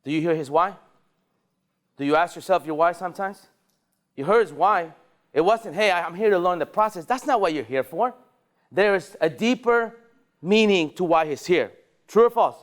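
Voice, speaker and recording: A man leading a sales training session at a dealership, energetic and rallying, firing questions at the staff in the room. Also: high voice, normal speed, long pauses.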